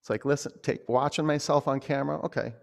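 Gravelly-voiced man guiding a yoga class. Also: medium pitch, fairly even intonation, fast talker. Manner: gentle, conversational cueing with frequent fillers. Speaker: yoga teacher.

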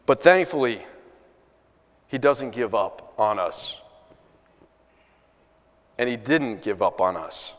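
A man's voice: lowish voice, animated, takes it slowly, pauses often, long reverb tail. A man preaching a sermon, telling a story in an earnest way with many restarts. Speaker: pastor.

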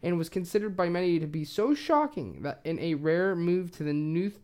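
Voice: mid-range voice, lively intonation, moderate pace, darkish tone. Tipsy, foul-mouthed podcast host, rambling. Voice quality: heavy swearing, loose rambling delivery with many fillers. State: a little tipsy. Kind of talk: casual true-crime podcast chat.

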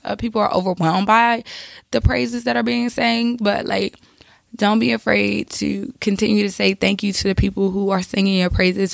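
A woman hosts her podcast while nursing a cold, her low voice heavily gravelly with vocal fry. She talks in a chatty, rambling way and keeps dropping in asides. The sound is dry and close to the mic. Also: no echo. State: has a cold. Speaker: podcast host. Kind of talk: casual advice monologue.

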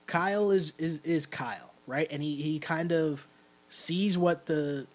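A man's voice: fairly high pitch, a little slow. A Canadian man hosting a podcast, chatting casually about basketball and often checking in with "right?". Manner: talkative, keeps asking "right?". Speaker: podcast host. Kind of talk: casual sports chat.

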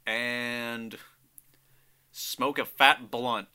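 A man's voice: medium pitch, steady tone, drawn-out words, bright, forceful tone, clear, resonant tone. A man co-hosting a podcast, laid-back and teasing in casual chat. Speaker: podcast co-host and editor.

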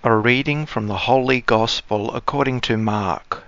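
A man leading liturgical prayers and reading the Gospel aloud as a priest, in a solemn, measured way. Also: mid-range voice, a bit bright, no room sound, highs cut off.

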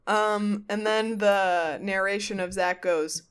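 A woman hosting a podcast in casual comedic chat, animated, swearing freely and acting out quotes. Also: mid-range voice, unhurried, smooth. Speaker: podcast host. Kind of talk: casual comedic chat recapping a ghost show.

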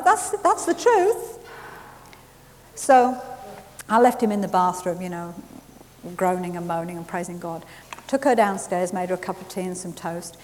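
A woman preaching a sermon, telling a lively story and laughing at herself along the way. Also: mid-range voice. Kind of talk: sermon with testimony. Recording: hissy recording in a reverberant hall.

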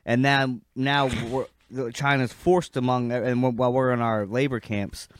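A man co-hosting a casual podcast chat, speaking haltingly with many restarts and some swearing. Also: medium pitch, flat delivery, clear, resonant tone, no room sound. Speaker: podcast co-host.

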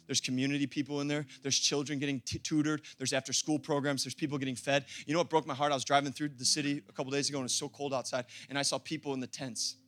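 A young adult pastor delivering an impassioned sermon, often rising to shouting. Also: male voice, mid-range voice, level tone, fast, hardly any pauses.

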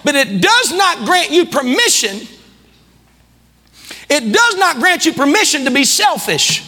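A man preaching a sermon as pastor, with fiery delivery that rises to shouts. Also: extremely high pitch, big pitch swings, unhurried, big-room sound. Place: church hall.

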